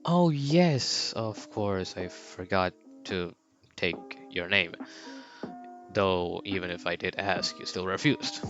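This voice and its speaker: A man's voice: low voice, slow pace, a bit bright, dull audio, faint music behind, full character voice. A man voicing a polite, formal and eager young male scientist.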